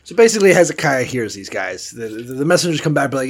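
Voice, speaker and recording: Gravelly, irreverent man on a podcast. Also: mid-range voice, big pitch swings, fast, hardly any pauses. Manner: irreverent, profane, jokey retelling of scripture. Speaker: podcast co-host. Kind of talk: casual chat.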